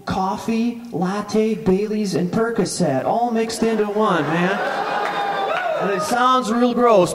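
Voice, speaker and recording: Canadian guy rambling a comic tale onstage, kinda high voice, roomy echo, crowd in the theatre. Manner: rambling, keeps asking "right?". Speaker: storyteller in character. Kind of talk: comic storytelling on stage. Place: theatre stage. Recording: echoey theatre from far off, audience. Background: audience.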